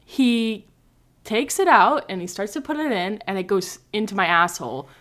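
A woman's voice: mid-range voice, animated, measured pace, a bit bright. A young woman hosts a casual podcast chat. She tells her stories bluntly and with lots of animation. Her voice sits in the middle range. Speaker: podcast host.

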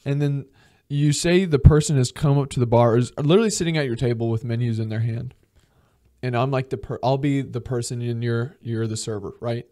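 A young man hosting a podcast, ranting comedically with lots of swearing and quick acted-out mock dialogues. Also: mid-range voice, warm tone. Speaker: podcast host. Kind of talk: comedic solo rant.

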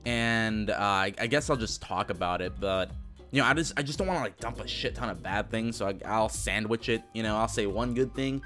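A man's voice: fairly low pitch, fairly quick, a bit bright, soft background music. A young man ranting casually in a vlog, swearing a lot, with an exasperated, sarcastic manner. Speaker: vlogger.

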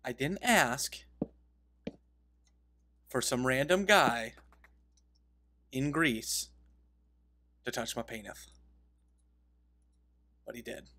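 A man's voice: medium pitch, expressive, drawn-out words, pauses often, bright, forceful tone. A man giving casual gaming commentary, rambling through a story and interrupting himself, laughing at his own telling. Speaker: game video creator.

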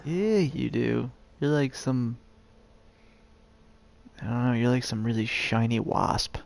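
A man's voice: mid-range voice, steady tone, unhurried. A man streaming a game and chatting casually with a friend, laid-back, swearing freely and laughing often. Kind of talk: casual gaming chat.

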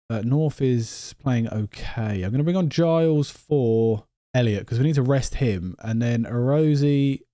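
A man commentating his own football management game, thinking aloud, talking to himself and rising in pitch when exasperated. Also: dark tone, dry recording, studio quality. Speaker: gaming video host.

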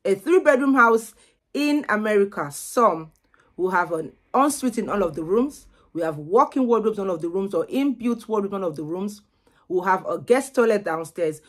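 A woman's voice: mid-range voice, lively intonation, moderate pace. A young woman, vlogging casually to camera and chatting in a loose, repetitive way. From Nigeria. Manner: chatty, repeats words as she goes.

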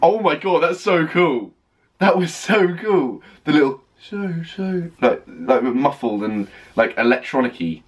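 A man reacting to an album on a first listen, gushing and excitable, stopping often to rave about what he hears. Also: on the high side, a little slow, husky. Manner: gushing, excitable, full of "oh my God" and "like". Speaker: music reaction vlogger. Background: faint music playing.

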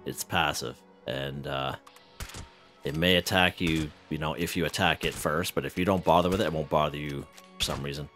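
A man casually commenting on his own gameplay in a relaxed, rambling way, chuckling often. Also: a bass voice, normal speed, faint music behind. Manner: relaxed, chuckling, lots of fillers and restarts. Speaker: gaming channel host.

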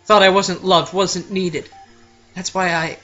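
A man voicing a young man grieving his mother in a video game, in a choked, halting way. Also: high voice, flat delivery, a bit bright, dull audio, soft background music, voice pushed up.

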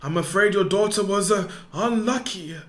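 A woman's voice: medium pitch, normal speed, pitched below the performer's own voice, close to an everyday voice. A woman voicing a male doctor who delivers bad news in a solemn, matter-of-fact way.

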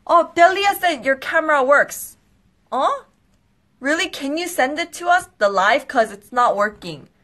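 A young woman hosting a live skincare quiz stream, bubbly and excitable, with quick apologetic asides. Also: high-pitched. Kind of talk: casual live-stream chat.

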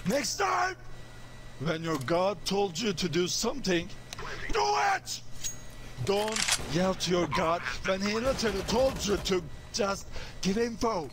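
A man in an online game's voice chat, ranting and yelling insults at his teammates. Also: sits high, big pitch swings, measured pace. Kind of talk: angry game voice chat. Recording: noisy game voice chat.

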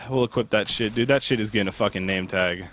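A man hosting a gaming channel, chatting casually as he opens game cases, excitable and swearing with loud bursts of disbelief. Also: on the low side, moderate pace, faint music behind. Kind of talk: casual live commentary while opening game cases.

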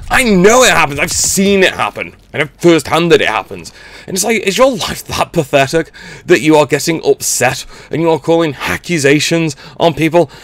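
A middle-aged man who hosts a gaming channel delivers gameplay commentary as a blunt, sweary, exasperated rant. His voice is fairly high and fairly bright.

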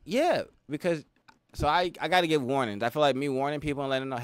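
A man co-hosting a podcast in casual, animated chat, often laughing and slipping into mock-formal lines. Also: a little high, quick pace, clear, resonant tone, dry recording. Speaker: podcast co-host.

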